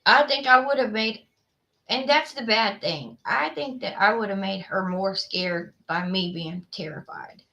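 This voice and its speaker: A woman's voice: mid-range voice, measured pace, creaky, sharp tone. A woman, hosting a livestream and chatting casually with viewers, rambling with lots of fillers. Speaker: livestream host. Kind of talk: casual chat with live viewers.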